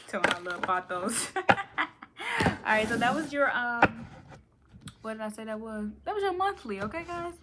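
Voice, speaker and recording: A woman's voice: a little high, animated, normal speed, noisy background. A woman giving a casual tarot reading, playful and rambling, with slangy asides and frequent laughter. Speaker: tarot reader.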